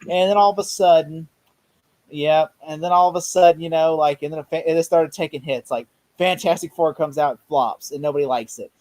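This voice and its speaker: A man chatting casually about a movie, excitable and quick to act out quotes. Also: fairly high pitch. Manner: fast, excitable, acts out quotes. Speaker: podcast co-host.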